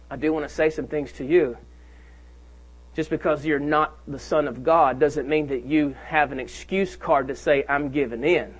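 A man preaching in a church with a high, ringing voice and a strong push behind each point. He slows right down to stretch out the words he wants to land. The recording sounds dull and lo-fi. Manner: preaches with rising emphasis and slow, drawn-out key phrases. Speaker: pastor. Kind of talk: sermon. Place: church sanctuary.

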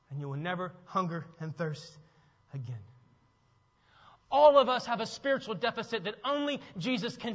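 A man with a very high, bright and forceful voice preaches an emphatic sermon, repeating his phrases and questioning the congregation. His voice rings with long reverb through a church sanctuary. The sound is a little dull. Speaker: pastor.

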